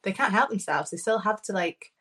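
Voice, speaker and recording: A woman, a podcast co-host, chatting casually and relaxed, with lots of filler words. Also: medium pitch, brisk. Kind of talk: casual chat.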